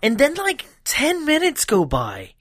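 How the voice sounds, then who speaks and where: A man's voice: extremely high pitch, a little slow, dry recording, studio quality. A man co-hosting a casual podcast chat about a horror movie, laughing often and acting out scenes. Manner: animated, laughing, acts out scenes. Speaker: podcast co-host.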